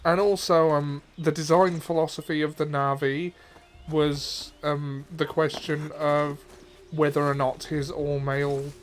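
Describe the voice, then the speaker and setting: A man's voice: on the high side, little pitch movement, unhurried. A man chatting casually on a gaming stream, laughing easily and swearing offhand. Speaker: streamer co-host.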